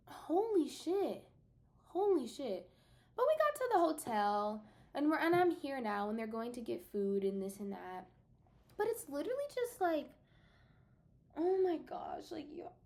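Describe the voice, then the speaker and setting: A young woman in her late teens or early twenties with a high voice, unloading her frustrations on camera. Her pitch leaps and dives all over as she vents, emphatic and exasperated, and she speaks straight to her audience like she's catching up with friends. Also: darkish tone. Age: young adult. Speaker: vlogger. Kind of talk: casual venting to the camera.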